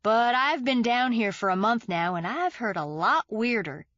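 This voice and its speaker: A woman's voice: a little high, lively intonation, moderate pace, fairly bright tone, no echo, dull audio. A woman doing a laid-back young Texan street kid. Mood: easygoing. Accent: Texas. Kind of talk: audiobook character voice.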